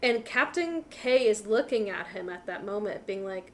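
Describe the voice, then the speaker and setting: A woman's voice: medium pitch, normal speed, a bit bright, slight background noise. A woman co-hosting a casual movie podcast, chatty and full of trivia, often quoting people in little voices. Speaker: podcast co-host.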